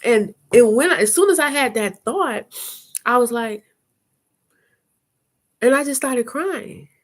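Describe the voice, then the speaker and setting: A middle-aged woman hosting a live chat, telling stories in a frank, animated way and acting out her own reactions. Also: fairly high pitch, slow pace. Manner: frank and salty, with slangy talk. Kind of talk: casual live-stream storytelling.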